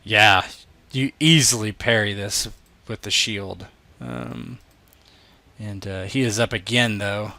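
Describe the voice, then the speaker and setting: A man running a tabletop game, his bright, gravelly voice relaxed and chatty. He narrates combat casually, with a few hesitations while he sorts out the rules. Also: fairly low pitch, slow pace, dry recording. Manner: casual, voices characters with sudden loud shifts. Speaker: game master.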